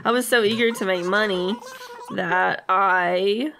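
A woman's voice: mid-range voice, fairly even intonation, takes it slowly, gravelly, fairly bright tone. Giggly woman teasing over game play. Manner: giggly, teasing, laughs often. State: tired. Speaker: co-host of a game let's play. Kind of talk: casual gameplay commentary.

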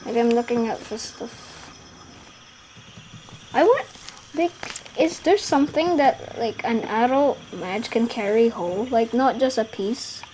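A woman giving casual gameplay commentary, giggling and rambling, trailing off mid-sentence and bursting into excited shouts. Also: a little high, measured pace, long pauses, a little hiss or hum. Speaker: gaming YouTuber.

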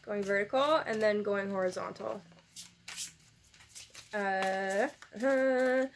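A woman's voice: mid-range voice, slight background noise. A woman tarot reader in a casual vlog, emotional and teary, sighing and laughing as she rambles gratefully. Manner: soft, rambling, many fillers. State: tearful.

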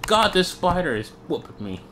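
A man's voice: high-pitched, sing-song, moderate pace, fairly bright tone. A young man chatting casually while playing a video game, joking and easily startled. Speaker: gamer. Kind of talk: casual gameplay chat. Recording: faint background noise.

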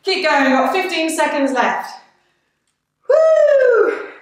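Breathless woman, bubbly and encouraging, high voice, echoey, distant. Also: lively intonation, unhurried, a bit bright. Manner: cheerful, encouraging, bubbly, with breathy whoops between cues. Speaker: fitness instructor. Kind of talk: live workout coaching.

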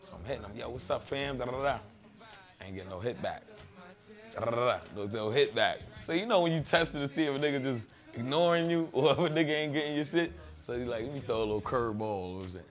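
A man's voice: mid-range voice, expressive, fast, hardly any pauses. A man being interviewed, telling stories in a blunt, profane, streetwise way. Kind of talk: casual interview talk.

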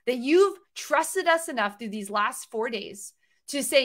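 A woman's voice: fairly high pitch, normal speed, fairly bright tone. Emphatic woman urging viewers to join. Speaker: livestream presenter. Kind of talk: motivational sales pitch.

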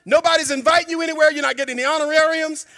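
A man preaching a sermon in a church, emphatic and colloquial, sometimes breaking into shouts. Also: very high voice, steady tone, racing. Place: church sanctuary. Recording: long hall reverb.

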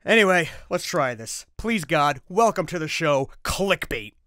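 Animated man hosting a toy countdown. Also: on the high side, measured pace, faint music behind. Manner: exasperated, jokey, voice cracking upward when flustered. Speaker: host. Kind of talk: comedic toy history narration.

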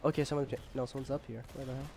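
A young male gamer chats casually about his gameplay at a very fast clip, rambling with plenty of fillers and jokes and sometimes yelling when he gets excited. His voice is medium-pitched with vocal fry, and there's a slight hiss or hum in the recording.

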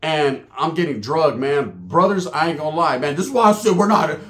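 A man's voice: a little high, animated, brisk, a bit bright. A man telling a prison story in casual, profane, slang-heavy street talk.

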